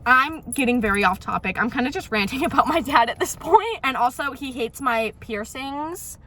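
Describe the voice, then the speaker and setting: Bright-voiced young woman ranting on a phone vlog. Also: high voice, normal speed, hardly any pauses. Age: young adult. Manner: animated, chatty storytelling with frequent "literally" and "like". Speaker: vlogger.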